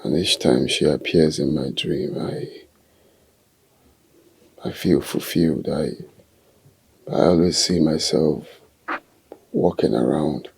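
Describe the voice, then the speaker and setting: An actor playing a husband who cannot walk, speaking in a gravelly, husky voice with anguished pleading. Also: male voice, rumbling low, slow, pauses often, a little mellow, heavily acted. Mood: subdued. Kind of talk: film drama acting.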